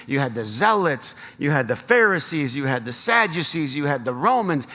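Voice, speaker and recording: A man's voice: fairly high pitch, sing-song, normal speed, few pauses, bright, forceful tone, in a large hall. An American man preaching a sermon as pastor, earnest and rising to emphatic appeals. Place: church sanctuary.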